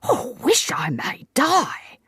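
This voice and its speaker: A woman voicing a meek, wheedling working-class old sailor with rough grammar. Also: sits low, a little slow, dry recording, clean studio sound, heavily acted. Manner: rough uneducated grammar, pleading.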